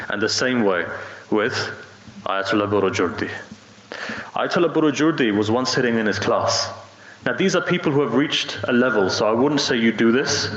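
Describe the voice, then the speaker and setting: A man's voice: fairly low pitch, fairly bright tone. A middle-aged man preaching a sermon, telling stories and acting out the voices of the people in them. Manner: storytelling, acts out quoted voices. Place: broadcasting from home during lockdown. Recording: echoey, dull lo-fi audio.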